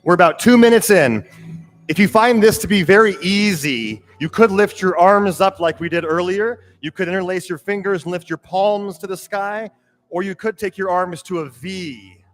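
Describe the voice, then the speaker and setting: A man teaching a guided breathwork class, giving calm, steady cues and counting breaths aloud. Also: high voice, normal speed. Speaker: yoga and breathwork instructor. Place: yoga studio. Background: drum beat music.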